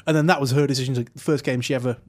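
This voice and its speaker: A man's voice: mid-range voice, steady tone, rapid-fire, darkish tone. A man co-hosting a podcast, telling jokey childhood stories in casual chat. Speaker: podcast co-host.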